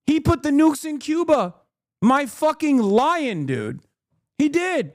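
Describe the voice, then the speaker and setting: Livestream ranter, male, thirties, high-pitched, dry mic, heated and profane. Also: sing-song, slow, dry recording. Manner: ranting, profane, emphatic. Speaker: political streamer.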